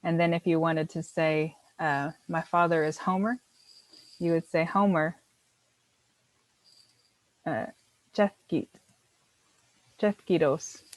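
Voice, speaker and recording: A woman's voice: sits low, fairly even intonation, slow, pauses often, no room sound, poor audio. A woman teaching a beginner language class, explaining patiently step by step and encouraging her students.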